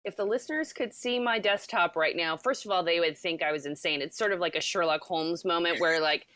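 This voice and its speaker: Bubbly low-voiced woman podcast host. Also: brisk, a bit bright. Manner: bubbly, laughs often. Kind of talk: casual podcast conversation.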